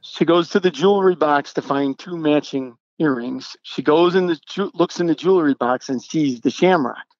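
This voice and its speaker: A middle-aged man tells a personal story as a podcast guest, earnest and halting, acting out each exchange. His voice sits a little high with a gravelly edge. The recording is dry and dull, with a lo-fi tone. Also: no room sound. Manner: earnest, halting, re-enacts dialogue.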